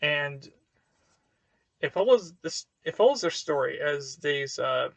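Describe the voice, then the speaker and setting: A man's voice: fairly high pitch, lively intonation, takes it slowly, gravelly, no room sound. A man giving a casual book review to camera, hesitant and full of fillers and restarts.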